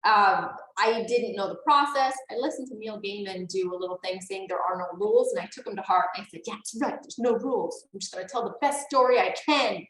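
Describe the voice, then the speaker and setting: A woman's voice: medium pitch, a little fast, hardly any pauses, fairly bright tone. Enthusiastic woman author, roomy sound. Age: 40s. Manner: enthusiastic, laughs often. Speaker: author guest. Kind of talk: casual interview chat. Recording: roomy echo.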